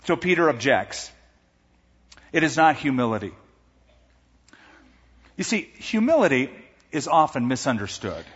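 Lively man preaching in a hall. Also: mid-range voice, a little slow, pauses often, slightly rough, lo-fi sound. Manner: animated, acts out quoted voices. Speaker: pastor. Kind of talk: sermon.

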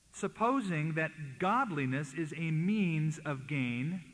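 A man's voice: a little high, fairly bright tone, in a large hall, rough recording. A man preaching a sermon, reading scripture aloud with emphatic rises and falls. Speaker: pastor.

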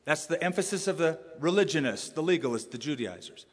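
Preaching pastor in an echoing hall. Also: male voice, a little high, brisk, breathy edge. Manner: animated preaching with rising emphasis and sudden drops to quiet. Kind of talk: sermon.

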